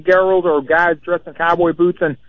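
A man's voice: a little high, fairly even intonation, normal speed, no echo. A man phoning in to a radio show, hesitant and full of filler words. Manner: hesitant, many uhs. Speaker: phone-in caller. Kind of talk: casual call-in chat. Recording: muffled phone line with faint hiss.

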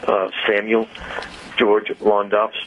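A man's voice: fairly low pitch, completely flat delivery, slight background noise. A man talking casually on a radio show, rambling with many fillers and restarts. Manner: rambling, halting, full of fillers. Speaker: car dealer guest. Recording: dull lo-fi radio audio.

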